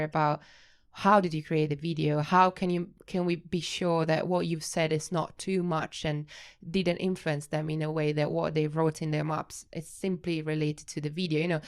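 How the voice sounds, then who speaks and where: A woman with an Italian accent, a researcher being interviewed on a podcast, who hesitates and restarts often but gets animated when she explains. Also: low-pitched, clean tone. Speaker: guest researcher.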